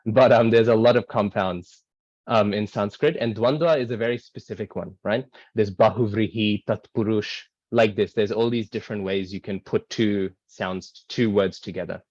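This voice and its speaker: A man's voice: fairly low pitch, steady tone, moderate pace, a little mellow, dry recording, muffled recording. A man explaining a scripture verse in a casual online class, with many ums and rhetorical "right?" checks. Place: online video call.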